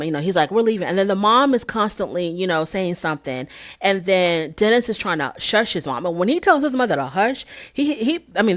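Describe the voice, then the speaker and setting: A woman casually recapping a reality show as host, telling the story in an animated way and acting out what people said. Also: mid-range voice. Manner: animated storytelling, acts out quotes.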